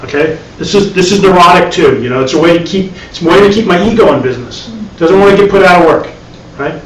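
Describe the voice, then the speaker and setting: Talking fast in a high-pitched voice, a man leads a live spiritual class as a meditation teacher. The dharma talk is conversational, with repeated words and wry asides, heard through a distant mic in an echoey space with faint hiss.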